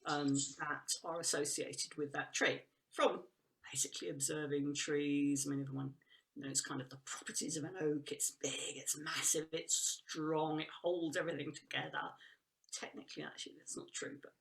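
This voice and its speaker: Woman, guest, gravelly fry, casual rambling chat, enthusiastic. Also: deep voice, level tone, normal speed, fairly bright tone. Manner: enthusiastic, rambling with frequent restarts and laughs. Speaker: guest expert on trees and woodland work.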